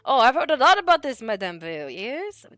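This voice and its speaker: A charming, teasing older father greets his guests with big hellos, put on by a woman. The voice is bright and lively in its melody. It is tabletop role-play voice acting. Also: high voice, brisk, no echo, clean studio sound.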